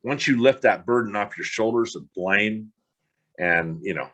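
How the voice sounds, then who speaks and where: Blunt, frustrated man with a low voice. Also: measured pace, fairly bright tone. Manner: blunt, frustrated, swears casually. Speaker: podcast host. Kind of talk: motivational podcast monologue.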